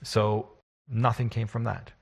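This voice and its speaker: Husky-voiced male game master recapping. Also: on the low side, flat delivery, unhurried. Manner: rambling and self-deprecating. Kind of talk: casual recap of a tabletop game.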